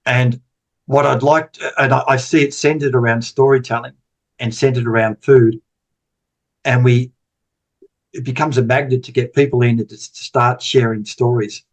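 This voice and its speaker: This sixty-something man speaks at normal speed in a steady, mid-range voice. As a guest on a podcast, he tells stories casually in an interview, rambling and repeating words.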